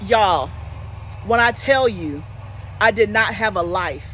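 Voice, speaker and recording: Woman, 40s, homestead vlog host, relaxed animated chatter, calls viewers y'all. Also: mid-range voice, slow pace, slight background noise, low-quality recording. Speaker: homestead gardening channel host. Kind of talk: casual chat.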